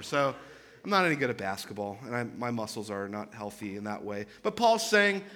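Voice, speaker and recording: A man's voice: lowish voice, big pitch swings, fairly quick, sharp tone. A man in his thirties preaching a sermon, earnest and emphatic, with conversational asides and repeated phrases. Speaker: pastor.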